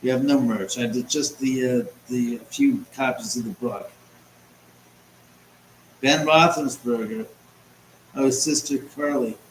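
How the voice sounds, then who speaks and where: A man's voice: medium pitch, fairly even intonation, a little slow, long pauses. Guy doing a livestream from home, rambly and chatty, reading the chat, echoey room w faint hiss. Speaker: host. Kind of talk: live-stream chat, reading viewer comments. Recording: roomy echo, faint background noise.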